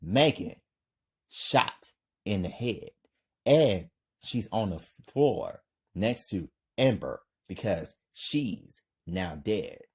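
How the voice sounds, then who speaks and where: A man's voice: on the low side, slightly rough. A man narrating an amateur crime story for his channel, reading plainly. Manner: slow, plain reading with hype outro.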